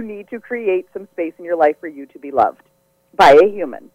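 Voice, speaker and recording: A woman's voice: fairly low pitch, animated, moderate pace, no room sound, dull audio. Effusive, giggly woman psychic on radio. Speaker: psychic medium guest. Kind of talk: casual live radio readings.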